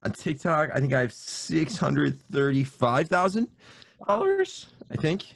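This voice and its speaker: A man's voice: on the high side, wildly swooping pitch, a little slow, vocal fry, breathy edge. A man in his twenties, a podcast guest, talking casually in a modest, hesitant way with many fillers. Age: 20s.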